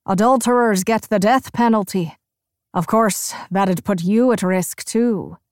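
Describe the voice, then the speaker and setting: A woman narrator voicing a sardonic young man who taunts in a dry, deadpan way. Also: medium pitch, unhurried, lightly acted. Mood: mocking.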